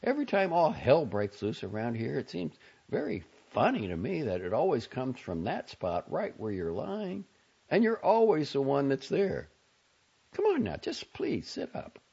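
A man's voice: medium pitch, huge pitch swings, moderate pace, vocal fry, husky, pitched above the performer's own voice, heavily acted. A man voicing a nervous, exasperated young woman in an audiobook reading, talking sharply and pleadingly. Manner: sharp, pleading, raised in heat. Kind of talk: audiobook character voice. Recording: dull lo-fi audio.

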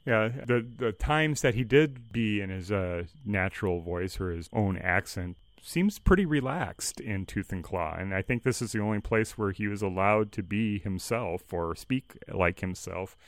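A man with a fairly low voice co-hosts a podcast in relaxed conversation. He is easygoing and chats plainly, recorded close and dry with no room sound. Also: normal speed, few pauses, no room sound. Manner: easygoing, brief backchannels, light laughter. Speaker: podcast co-host. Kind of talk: casual chat.

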